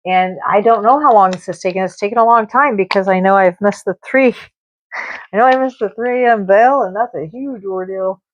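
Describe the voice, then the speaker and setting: A woman's voice: medium pitch, fairly quick, slight background noise. Emotional woman tarot reader, lo-fi stream. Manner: rambling, emotional, many fillers and repeats. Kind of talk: casual live-stream tarot reading. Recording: dull lo-fi live-stream audio.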